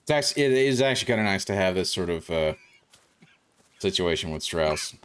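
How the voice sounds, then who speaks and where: A man's voice: low voice, lively intonation, normal speed, fairly bright tone, clean tone. A man born in South Africa, chatting casually and rambling as he streams a video game. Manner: rambling, chatty, reacting to gameplay. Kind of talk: casual gameplay commentary.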